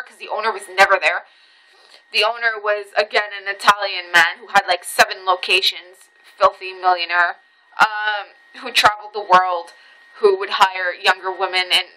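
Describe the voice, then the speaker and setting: A woman's voice: medium pitch, bright, forceful tone, rough recording. A young woman telling a rambling personal story in a casual vlog, swearing freely and breaking off into asides. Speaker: vlogger.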